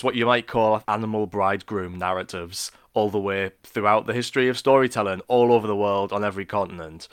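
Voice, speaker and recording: A man's voice: fairly low pitch, fairly bright tone, smooth, dry recording, studio quality. A man co-hosting a podcast, explaining film history in a casual, informative way and joking often. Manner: informative, jokey, laughs often. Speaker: podcast co-host.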